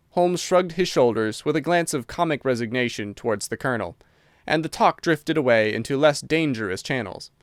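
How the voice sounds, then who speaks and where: A man narrating an audiobook in an even storytelling manner. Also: medium pitch, normal speed, no echo, studio quality. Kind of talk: scripted narration.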